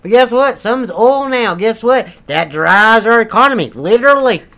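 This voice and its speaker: A man voicing a crude, loud redneck churchgoer who rants and curses, with a put-on drawl. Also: very high-pitched, expressive, normal speed, full character voice. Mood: preachy ranting. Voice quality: brash, profane, rambling. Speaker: comedic character. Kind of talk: improvised comedy role-play.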